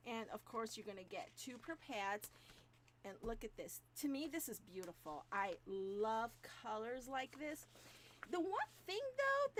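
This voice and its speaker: A woman hosting a papercraft channel, chatting casually with viewers, animated and gushing, and laughing often. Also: sits high. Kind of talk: casual chat to live viewers. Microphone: new microphone, moved closer.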